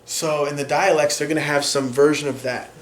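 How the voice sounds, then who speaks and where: A man explaining a language lesson in an unhurried way, pausing often with fillers as he works through examples. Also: fairly high pitch, fairly even intonation, slight background noise. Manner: unhurried, many fillers and restarts while explaining. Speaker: language teacher.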